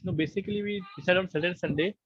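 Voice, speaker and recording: A man with a high voice teaches a live online class at a rapid-fire clip, yet explains patiently in a conversational tone. The meeting-call audio is muffled but has no echo.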